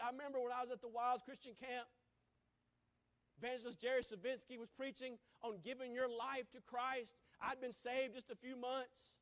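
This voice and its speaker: High-voiced man preaching with shouting bursts. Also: little pitch movement, moderate pace. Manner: impassioned, swings from shouting to hushed. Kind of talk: sermon. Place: church.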